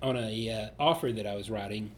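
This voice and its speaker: A man's voice: on the low side, a little fast. Easygoing man, faint hiss. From Southeast Tennessee. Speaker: realtor and co-host. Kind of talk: casual chat.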